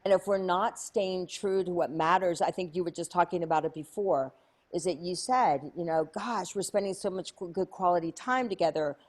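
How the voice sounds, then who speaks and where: A woman guest recounting a story in a chatty, fast-flowing way, full of fillers, quoting herself as she goes. Her voice sits a little low for a woman. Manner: chatty, many "like" fillers, acts out her own past lines. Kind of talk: animated storytelling in an interview.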